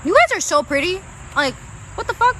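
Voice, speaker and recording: Young woman doing tarot on a livestream, high bright voice, chatty n swears a lot, bit of hiss behind. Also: very animated, brisk. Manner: chatty, swears casually, addresses viewers as guys and babe. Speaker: tarot reader. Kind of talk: live-stream tarot reading.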